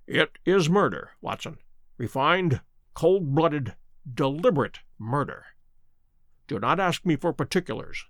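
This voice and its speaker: A man voicing a grim, commanding male detective who speaks low and urgently, in an audiobook reading. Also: sing-song, normal speed, long pauses, no echo, clean studio sound. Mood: grave.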